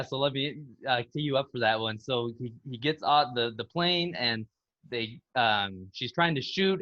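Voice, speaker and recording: A man's voice: on the high side, sharp tone, no room sound, dull audio. A man co-hosting a casual film podcast, eagerly retelling movie scenes and acting out their lines. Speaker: podcast co-host.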